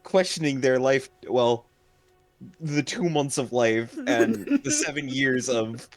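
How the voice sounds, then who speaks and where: Mid-pitched player, slow, amused as they describe their character's actions, light music behind. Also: sing-song.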